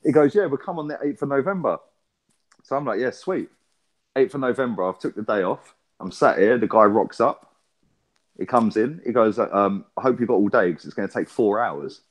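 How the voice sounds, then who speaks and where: A podcast co-host from England, medium in pitch and expressive, launches into a lengthy story during relaxed conversation. Swearing is frequent, and the exchange bounces back and forth quickly.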